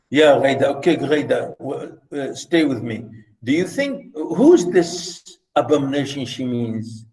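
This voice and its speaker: A man's voice: medium pitch, very animated, takes it slowly, a little mellow, reverberant, poor audio. A man teaching literature, explaining a novel to his class with theatrical readings. He swings from mutters to exclamations. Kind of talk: class lecture with dramatic readings.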